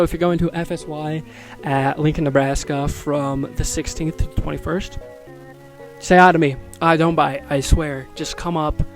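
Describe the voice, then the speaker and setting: Young dude yapping on his podcast, kinda high voice, chatty and rambly. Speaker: podcast host. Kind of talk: casual solo podcast chat.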